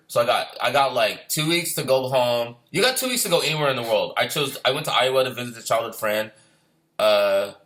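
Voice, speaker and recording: A middle-aged man and former Marine tells his story in quick bursts. His voice is bright and edgy. He swears freely and rambles, circling back to the same points again and again. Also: mid-range voice. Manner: profane, rambling, repeats himself. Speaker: former Marine recounting deployment. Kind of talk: casual storytelling.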